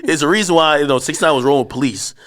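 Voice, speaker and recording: Male guest, casual interview storyteller, animated, swears a lot. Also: a little high, racing. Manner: animated storyteller, acts out shouted quotes; profane, slangy.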